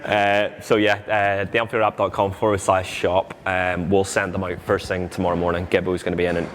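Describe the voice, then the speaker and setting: A Northern Irish man co-hosting a football podcast, chatty and quick to laugh. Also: low-pitched, flat delivery, fairly bright tone, a little hiss or hum. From Northern Ireland. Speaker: podcast co-host. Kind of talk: casual chat.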